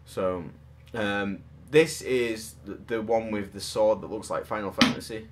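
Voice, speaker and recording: Guy rambling thru toy statues, lowish voice, jokey and self-deprecating. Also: fairly even intonation, a little slow, heavy background noise. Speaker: podcast host. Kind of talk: casual chat reviewing collectible statues.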